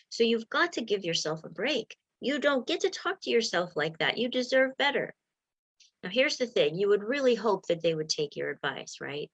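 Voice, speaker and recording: A woman's voice: mid-range voice, sing-song, normal speed. A woman mindset coach giving a motivational talk to viewers, encouraging and acting out inner voices.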